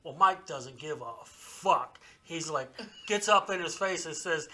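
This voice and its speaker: Bright-voiced man telling a story. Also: fairly high pitch, a little slow. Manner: animated anecdote-telling with swearing. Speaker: podcast co-host. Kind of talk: casual chat, storytelling.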